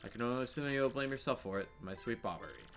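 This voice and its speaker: A man voicing a young wife's farewell letter in a soft, tender way. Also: mid-range voice, animated, racing, soft background music, natural voice. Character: loving young wife writing a farewell.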